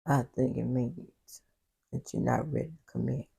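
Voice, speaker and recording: A woman voicing a hurt, weary man who pleads quietly with his partner, in a soft, breathy voice. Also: a bass voice, steady tone, moderate pace, pitched below the performer's own voice, full character voice. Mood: pleading.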